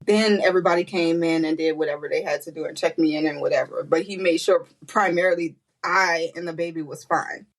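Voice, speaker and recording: A woman guest on a podcast, telling a personal story with animated quoted voices and frequent laughter. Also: brisk, few pauses, low-quality recording. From United States. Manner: animated, acts out quotes with high pitch, laughs often. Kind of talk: emotional storytelling interview.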